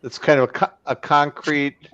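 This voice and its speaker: A man's voice: on the high side, little pitch movement, normal speed, fairly bright tone, dry recording, lo-fi sound. A man joining a casual model railroad chat, friendly and joking as he talks.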